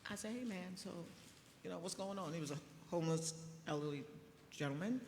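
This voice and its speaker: A middle-aged woman physician speaking on a conference panel, telling stories in a lively way with laughs. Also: on the low side, brisk, slight background noise. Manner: animated storytelling with laughs. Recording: echoey hall with faint ambience.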